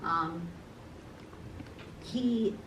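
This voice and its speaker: A woman with a lowish voice gives a live talk, unhurried and halting, often pausing on fillers and restarting her sentences. She is picked up from a distance in a reverberant room, with steady noise behind her. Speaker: presenter at a grief forum. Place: presentation room. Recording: echoey room, distant mic, background noise.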